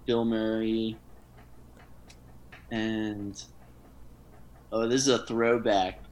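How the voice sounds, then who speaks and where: A man's voice: lowish voice, flat delivery, drawn-out words. A man in a band, chatting in a laid-back, casual way and saying "dude" often. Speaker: band member. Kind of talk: casual chat.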